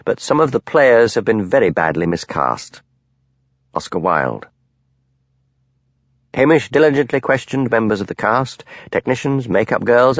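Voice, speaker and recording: A man reading an audiobook in measured storytelling narration. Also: fairly low pitch, dry recording.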